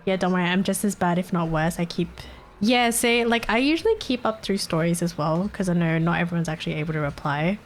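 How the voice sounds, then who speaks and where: A woman's voice: lowish voice, a little fast. A young woman streaming live, chatting casually with viewers and venting animatedly, swearing freely.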